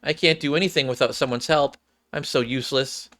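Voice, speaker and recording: A man's voice: mid-range voice, steady tone, brisk, pushed and bright, natural voice. A man voicing a timid, tearful young female android fighter who stammers and pities herself. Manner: stammering, self-pitying.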